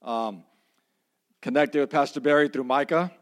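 Male church guest, mid-pitched, relaxed and hesitant delivery. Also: normal speed. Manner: informal, hesitant with fillers. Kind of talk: casual address to congregation.

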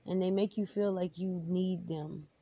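Slow, gravelly woman rambling candidly. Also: fairly low pitch, fairly even intonation, dry recording. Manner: candid and emotional, rambling with many fillers. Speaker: podcast host. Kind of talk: casual personal talk. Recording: dull lo-fi sound, faint noise.

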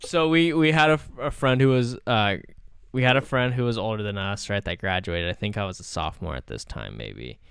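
A man's voice: lowish voice, expressive, fairly quick, gravelly, a bit bright, smooth, no room sound. A man in his twenties hosting a podcast, telling casual stories in a rambling way, full of filler words and swearing. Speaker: podcast host. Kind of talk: casual chat.

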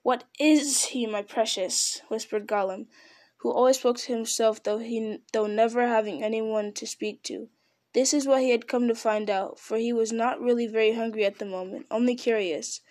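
A woman reading a fantasy storybook aloud, unhurried, with small slips and restarts. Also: a little high, steady tone, mellow. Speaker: reader.

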